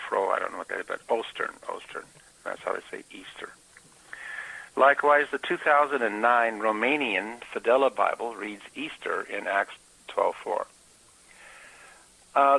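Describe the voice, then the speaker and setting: A man giving an informal Bible teaching talk, explaining as he goes with frequent filler pauses. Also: on the low side, gravelly, pushed and bright, breathy edge, low-quality recording.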